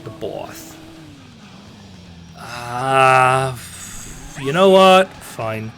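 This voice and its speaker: A man's voice: medium pitch, expressive, extremely slow, background noise. A young man from the Netherlands, rambling casually while streaming a game. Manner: rambling, chatty, many fillers and restarts. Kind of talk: casual live-stream gaming chat. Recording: faint game ambience behind.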